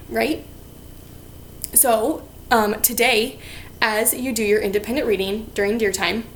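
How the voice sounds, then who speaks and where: A woman's voice: mid-range voice, slight background noise. A young woman teaching a reading lesson to children, checking in often with a questioning "okay?". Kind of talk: read-aloud lesson to children.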